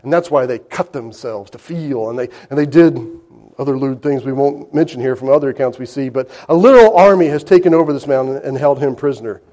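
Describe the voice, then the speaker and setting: A man preaching a sermon, reading verses aloud and then retelling them in lively everyday speech, swinging between loud emphasis and hushed lines. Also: mid-range voice, fairly quick.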